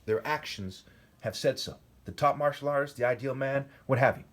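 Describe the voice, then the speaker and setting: A man's voice: mid-range voice, normal speed, a bit bright. A man in his forties recording a solo video monologue, reading scripture and commenting on it in a combative, ranting, insulting way, often breaking off with "okay?". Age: 40s. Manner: preachy, keeps asking "okay?". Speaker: self-styled preacher.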